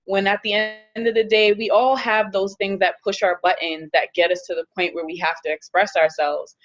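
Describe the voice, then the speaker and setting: A woman speaking in a casual panel discussion, earnest and measured. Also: medium pitch, flat delivery, highs cut off.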